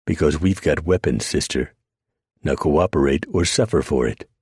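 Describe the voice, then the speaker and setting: A brutish legionnaire barks short, hard orders, as a male narrator plays him. The voice is very deep and husky, recorded dry. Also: moderate pace, darkish tone, dry recording, exaggerated voice. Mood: harsh. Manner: barking, curt.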